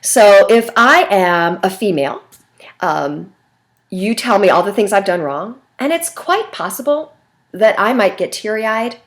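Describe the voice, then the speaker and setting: A middle-aged woman teaching a class in a relaxed, chatty lecture style. Her pitch rises and falls a lot as she talks, and she keeps checking in with "right?" and "okay?" between points. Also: measured pace. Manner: lively, conversational, frequent "right?" checks. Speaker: instructor. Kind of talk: recorded lecture.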